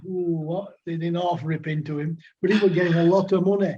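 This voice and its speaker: A man in his sixties from Lancashire guests on a podcast, telling old cricket anecdotes in a rambling, chatty manner full of dialect words and fillers. His a-little-high voice is mellow and slightly rough, brisk with few pauses and fairly even intonation. The sound is lo-fi.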